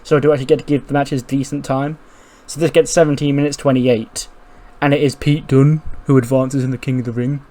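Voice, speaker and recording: A man narrates a game playthrough in a chatty, casual way. He talks quickly and slips into the characters. His voice sits at an ordinary male pitch. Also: level tone, warm tone. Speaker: video game commentator.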